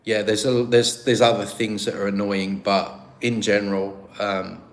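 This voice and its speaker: A man's voice: fairly low pitch, flat delivery, measured pace. An English man hosting a live stream, chatting casually and answering viewer comments in a rambling, easygoing way. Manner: rambling, chatty, with frequent restarts and laughs. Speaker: livestream host. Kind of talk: casual livestream chat reading viewer comments.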